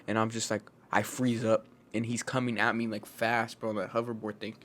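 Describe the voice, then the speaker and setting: A young man co-hosting a podcast, telling a story in a casual, animated way, swearing a lot and saying "bro" all the time. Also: mid-range voice, normal speed. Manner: animated, profane, says "bro" constantly. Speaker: podcast co-host.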